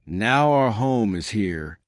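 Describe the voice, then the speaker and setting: A man voicing a remorseful grown son in a storybook reading, speaking softly and apologetically. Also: fairly low pitch, lively intonation, takes it slowly, no room sound, studio quality. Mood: gentle. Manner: soft, apologetic.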